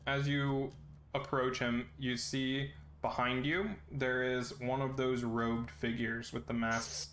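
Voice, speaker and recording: Male game master, relaxed narration, mid-pitched voice, roomy echo. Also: slow. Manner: relaxed, steady, filler-heavy narration.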